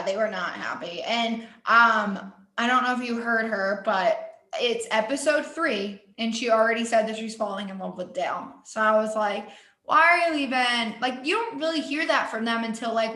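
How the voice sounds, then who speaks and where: A woman's voice: fairly high pitch, normal speed, bright, forceful tone, echoey room. A young woman co-hosting a podcast in casual chat, talking chattily with many "like" fillers. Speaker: podcast co-host.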